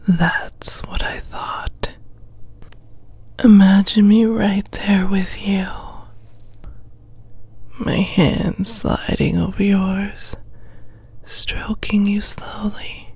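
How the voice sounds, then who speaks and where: Slow breathy woman, whispered role-play. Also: mid-range voice, mellow, dry recording. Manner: slow, commanding, coaxing whisper. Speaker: ASMR performer.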